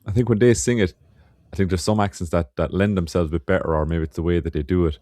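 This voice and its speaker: A man's voice: low voice, fairly even intonation, fast, mellow, no room sound, clean studio sound. A man with an Irish Midlands accent on a casual podcast, talking hesitantly and hedging with "I think". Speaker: podcast co-host.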